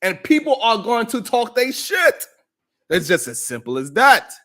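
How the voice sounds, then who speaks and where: A man's voice: extremely high pitch, wildly swooping pitch, a little slow, sharp tone. A man hosting a live stream, ranting in heated, profane reaction commentary.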